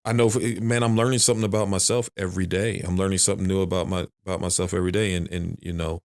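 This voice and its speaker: A man's voice: deep voice, flat delivery, racing, creaky, a little mellow, smooth. A middle-aged man in casual podcast chat, rambling and repeating himself, swearing now and then. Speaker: podcast guest.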